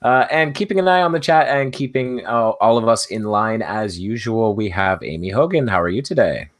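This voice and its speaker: A man's voice: on the low side, moderate pace. A man hosting a casual online panel show, greeting each guest in turn and often saying "excellent", over a video call. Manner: relaxed, repeats "excellent". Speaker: host.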